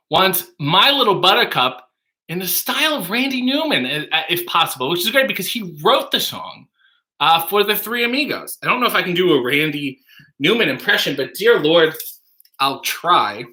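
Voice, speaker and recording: A man's voice: fairly high pitch, bright, forceful tone. A man hosting a casual livestream, joking around and reading viewer comments aloud. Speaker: livestream host.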